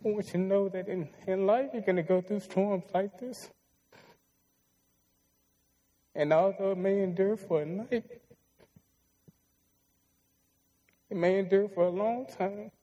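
A young man voicing a gentle mother comforting her frightened child during a sermon, speaking in a soft, reassuring way. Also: high voice, voice pushed up.

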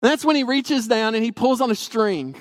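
A man's voice: very high voice, animated, a little fast, dry recording. A man from Tennessee, animatedly telling a personal story and acting out the dialogue. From Tennessee, USA.

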